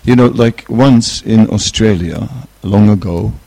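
A middle-aged man giving an informal spiritual talk, relaxed and hesitant, chuckling as he tells a personal story. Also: on the low side, a little slow, vocal fry, no echo. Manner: relaxed, hesitant, chuckles while telling stories. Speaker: spiritual teacher.

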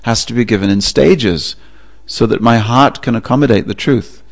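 A man playing a grown son who cries out in high, wailing distress on hearing bad news. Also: moderate pace, gravelly. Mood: reproachful.

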